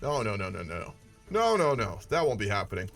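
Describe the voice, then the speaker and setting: A man's voice: on the low side, sing-song, brisk, a bit bright, soft background music. A man giving casual, profane gameplay commentary with wry asides. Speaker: gaming video creator.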